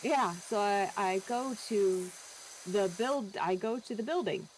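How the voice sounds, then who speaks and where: Streaming in a casual chat, a young woman with an American accent recounts a story with animation, performing the voices she quotes. Her medium-pitched delivery is measured in pace, with slight background noise in a low-quality recording.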